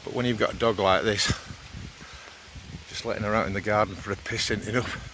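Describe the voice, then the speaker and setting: Out walking his dog in hilly countryside, this Yorkshire-accented Englishman in his fifties talks in a lowish, steady voice at a fairly quick clip. He's chatty and a bit breathless, rambles, and swears offhandedly against a noisy background.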